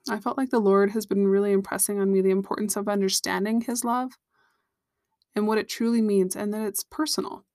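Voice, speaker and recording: A woman's voice: medium pitch, steady tone, a little fast, a little mellow, no echo, studio quality. A woman hosting a Christian podcast, sharing a personal story and teaching in an earnest, direct way to her listeners.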